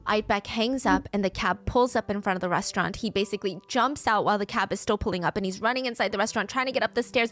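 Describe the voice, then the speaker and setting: A woman narrating a scripted true-crime story in a brisk way, acting out the quoted speech as she goes. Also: mid-range voice.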